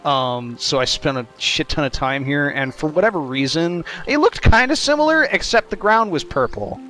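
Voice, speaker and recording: A man's voice: a little high, lively intonation, normal speed, pushed and bright, soft background music. Laid-back man playing a game. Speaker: player commenting on a game. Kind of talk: casual chat over gameplay.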